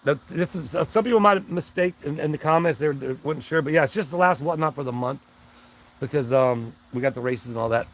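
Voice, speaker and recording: A man's voice: on the high side, quick pace, rough recording. Chatty man hosting a live stream. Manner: greets viewers by name, rambling and friendly. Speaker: livestream host. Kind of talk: casual live chat.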